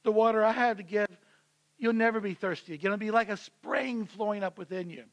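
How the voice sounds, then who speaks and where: A calm, gentle Jesus, as a preacher puts him on speaks softly and evenly. The high-pitched male voice keeps a measured, quiet manner throughout this sermon retelling. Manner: calm, soft-spoken.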